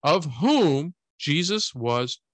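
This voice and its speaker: Man cohosting a faith podcast, bright voice, joking around, dry close mic. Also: a little high, big pitch swings, extremely slow, dry recording. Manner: joking, playful, mispronounces names. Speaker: podcast co-host. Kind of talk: casual chat.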